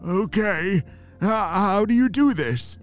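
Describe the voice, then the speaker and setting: Timid gentle snowman guy from a kids story, man putting it on, hesitant and shaky. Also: sits high, animated, soft background music, voice pushed up. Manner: hesitant, halting. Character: timid male abominable snowman, unsure and gentle.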